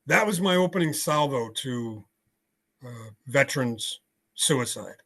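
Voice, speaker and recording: A man's voice: mid-range voice, steady tone, slow pace, a bit bright. An older American man, a podcast guest on a video call, telling his story bluntly with frequent fillers. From United States. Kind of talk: storytelling interview.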